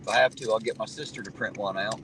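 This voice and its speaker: A man's voice: on the low side, fairly even intonation, quick pace. A man chatting casually on a livestream from inside his car while driving, rambling in a folksy way and reading out viewer comments. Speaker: livestream host reading chat. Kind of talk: casual chat. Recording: car road noise behind the voice.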